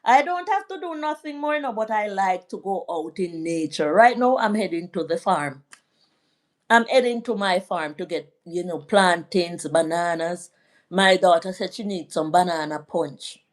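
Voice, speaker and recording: A middle-aged woman from Jamaica hosting a live stream, chatting in a rambling way and giving shout-outs to her viewers. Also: on the low side, normal speed. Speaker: vlog host. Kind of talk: casual live-stream chat.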